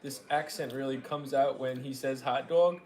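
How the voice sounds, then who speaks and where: A man's voice: medium pitch, steady tone, moderate pace, darkish tone. A young man with a Long Island accent chatting casually with his partner on a stream, rambling and joking and greeting viewers. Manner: rambling, jokey, greets viewers mid-talk. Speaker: live stream host.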